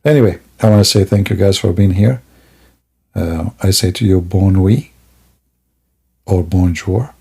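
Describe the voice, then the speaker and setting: Gravelly, husky man mocking on a stream. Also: deep voice, measured pace, pauses often, dark tone. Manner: sarcastic, rambling, laughs at own jokes. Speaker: livestream host. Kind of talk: mocking comedic commentary.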